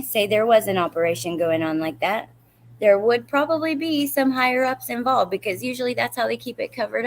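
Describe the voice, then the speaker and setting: Chatty woman hosting a livestream. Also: mid-range voice. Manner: chatty, rambling, greets viewers by name. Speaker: true crime livestream host. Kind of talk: casual livestream chat, reading comments.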